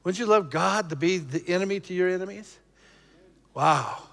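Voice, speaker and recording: A male pastor preaching emphatically to his congregation, shifting between loud exhortation and low, intense passages. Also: normal speed, vocal fry, in a large hall. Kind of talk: preaching a sermon.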